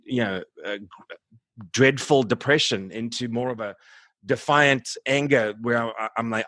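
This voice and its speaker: A man in his forties talking candidly in an interview, halting and subdued, with many restarts as he searches for words. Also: medium pitch, bright, forceful tone, dry recording. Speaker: musician guest.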